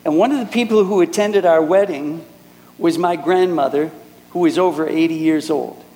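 A man's voice: fairly high pitch, normal speed, warm tone, in a large hall, rough recording. A middle-aged man from Minneapolis preaching a sermon, telling personal stories in an earnest way and acting out the people he quotes. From Minneapolis, United States. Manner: earnest storytelling, acts out quoted speakers.

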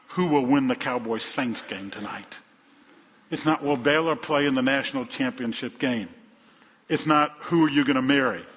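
A man preaching a sermon as pastor, dramatic, swinging between hushed and loud delivery. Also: mid-range voice. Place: church sanctuary. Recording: dull, long-reverb church hall.

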